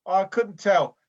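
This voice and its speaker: A man's voice: high-pitched, lo-fi sound, heavily acted. A man voicing a hapless, lonely amateur boxer who rambles earnestly with many restarts, improvising comedy over a video call. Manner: hesitant and rambling, full of restarts. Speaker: improv performer.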